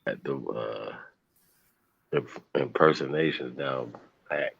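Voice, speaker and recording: Very deep gravelly man, lo-fi. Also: slow pace, no echo. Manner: laid-back, rambling, restarts. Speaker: host. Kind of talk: casual livestream chat.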